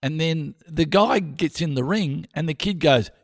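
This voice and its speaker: A man's voice: a little slow, vocal fry, no echo, studio quality. An older Australian man, a podcast host telling stories in a casual chat, acting out voices. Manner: storytelling, acts out voices with high yelps.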